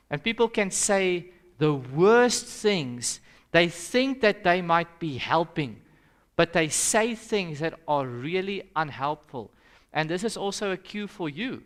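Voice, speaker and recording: A man's voice: on the high side, animated, slow, a bit bright. A young South African man, a pastor, leading an interactive Sabbath school lesson and putting questions to the audience in a conversational way. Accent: South African English.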